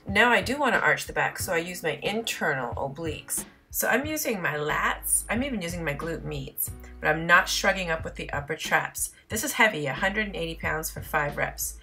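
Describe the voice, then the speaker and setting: A woman with a fairly low voice narrates her gym session in voice-over. She is instructional and explains each muscle in detail, with faint music behind her. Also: animated, normal speed, hardly any pauses, sharp tone. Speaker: fitness vlogger.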